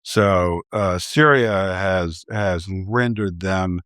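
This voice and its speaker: A man speaking as a guest analyst in a policy discussion, measured and halting with frequent restarts. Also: low-pitched, fairly bright tone, dry recording, clean studio sound.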